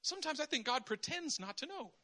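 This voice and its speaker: A male preacher with a high, very bright voice delivers an animated sermon. His pitch swings widely as he acts out little dialogues between people and God. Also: a little fast.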